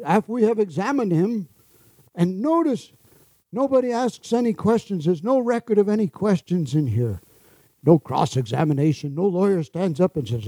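A man preaches with a high-pitched yet mellow, dark voice. He laughs often and slips into sarcastic asides. The sound is dry and close, with no room echo. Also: animated, moderate pace. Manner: chuckling, sarcastic asides, acts out quoted voices. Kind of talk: sermon.

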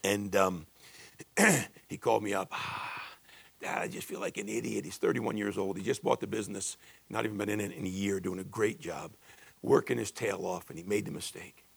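A man in his sixties preaching a sermon, building to emphatic peaks and dropping low and confiding when he tells stories. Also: normal speed, vocal fry, husky, no room sound. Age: 60s. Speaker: pastor.

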